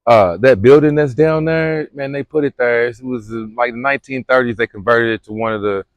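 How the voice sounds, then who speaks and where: Filming himself on a phone at an outdoor spring, a young Louisville, Kentucky man chats casually in a slangy, rambling way. His voice is medium-pitched and a little fast, and the audio is dull but free of echo.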